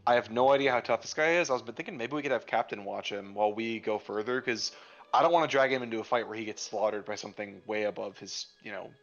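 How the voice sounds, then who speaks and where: Fast-talking rambling male player. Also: lowish voice, a bit bright, muffled recording. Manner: rambling, self-interrupting. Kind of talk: casual chat.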